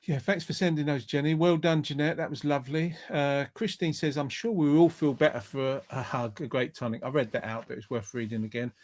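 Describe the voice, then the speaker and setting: Chatty man host, fairly high voice. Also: fairly even intonation, fairly quick, hardly any pauses, darkish tone. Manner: chatty and rambling, with stammered restarts. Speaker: host of an online show. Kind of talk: casual live-stream chat, reading out viewer comments.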